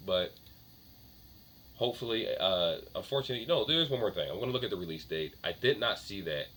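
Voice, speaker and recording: Deep-voiced man rambling in a casual vlog. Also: expressive, fairly quick, fairly bright tone. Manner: chatty, self-correcting, offhand. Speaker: tech vlogger.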